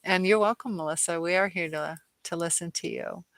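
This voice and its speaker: A tired, dizzy woman hosts a live chat, reading viewer comments aloud with lots of hesitation, fillers and restarts. Her lowish voice is a bit bright and fairly quick, recorded with no echo.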